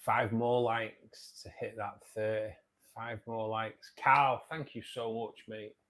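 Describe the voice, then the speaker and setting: His voice is on the low side and a bit bright, delivered flatly and slowly. He's a forties-aged livestream host from outer Manchester with the local accent, casually reading out viewer comments and replying in a friendly, matey manner.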